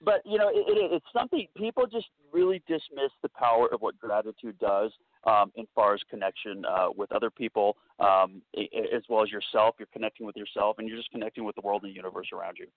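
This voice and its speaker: A man appearing as a guest on a live show, talking quickly with many fillers. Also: lowish voice, lively intonation, no room sound. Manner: fast, many fillers and restarts. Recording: dry tinny phone-like line.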